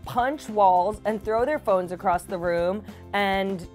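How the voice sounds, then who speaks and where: A woman talks in relaxed, chatty conversation and jokes at her own expense. Her voice sits at an ordinary pitch, and faint music runs behind her. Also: takes it slowly. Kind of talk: casual chat.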